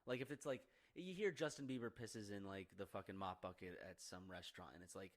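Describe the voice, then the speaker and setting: A man's voice: on the low side, brisk. A young man co-hosting a casual podcast chat, rambling and swearing freely with frequent laughs. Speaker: streamer and podcast co-host. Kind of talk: casual banter.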